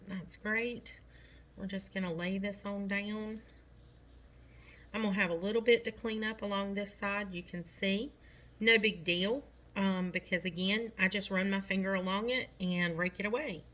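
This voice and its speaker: A woman's voice: mid-range voice, a bit bright, slight background noise. A middle-aged woman talking through a nail tutorial step by step, chatty and reassuring.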